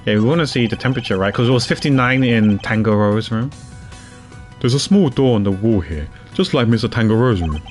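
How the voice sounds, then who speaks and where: Low-voiced man rambling over a game stream. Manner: rambling, with restarts and stammers. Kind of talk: casual game-stream commentary.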